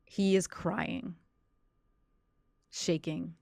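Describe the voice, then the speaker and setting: A woman narrating a horror tabletop game as game master, deliberate and descriptive. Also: fairly low pitch, fairly even intonation, gravelly, a little mellow, no echo, studio quality.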